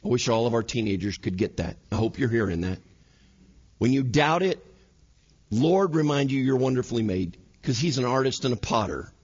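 A man preaching to his congregation, his voice swinging up and down as he plays out little scenes. His tone is husky and sits a touch high. The recording sounds a little dull. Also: moderate pace. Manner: animated, acts out scenes in quoted voices. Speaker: pastor. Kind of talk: sermon. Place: church sanctuary.

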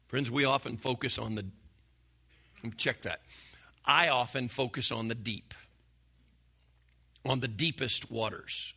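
A man preaching a sermon to a church congregation, folksy and conversational, often dropping to a hush. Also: medium pitch, a little slow, pauses often, breathy edge. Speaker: pastor.

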